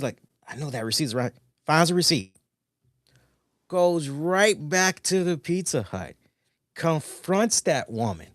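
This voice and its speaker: Male co-host, mid pitch, casual animated storyteller on a live stream, dry close sound. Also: no room sound. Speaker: podcast co-host.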